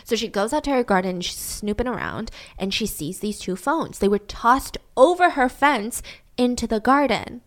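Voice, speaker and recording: A woman's voice: a little high, expressive, normal speed. A woman recounting a true-crime story in a casual, chatty way, full of "like" fillers.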